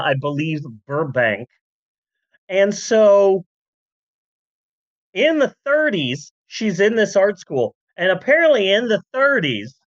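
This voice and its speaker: A comedic podcast host rambling through a story at an unhurried pace, the pitch swinging up and down with every joke and aside. The voice sounds dry and close to the mic. The audio is a bit dull and lo-fi. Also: fairly bright tone, no echo. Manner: rambling, jokey, full of asides and voice bits. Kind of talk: comedic history podcast chat.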